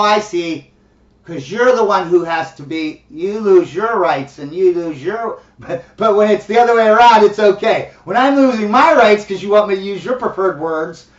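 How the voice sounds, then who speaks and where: A middle-aged man rants bluntly and profanely, with a high voice and short laughs between his points. He sounds far from the microphone, in an echoey room. The recording is dull and lo-fi. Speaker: commentary host. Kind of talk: casual ranting monologue.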